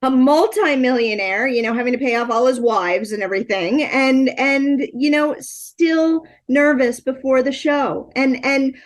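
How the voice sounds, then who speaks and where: A woman's voice: high-pitched, unhurried, few pauses. Gushing woman podcast host. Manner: enthusiastic, gushing, profane. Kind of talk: casual interview chat.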